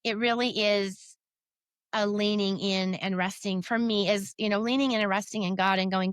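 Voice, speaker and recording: Woman, podcast guest, earnest, rambling, filler-heavy, mid pitch, dry recording. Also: steady tone, moderate pace, smooth, no room sound. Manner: earnest, rambling with many fillers and self-quotes. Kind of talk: faith-based conversational interview.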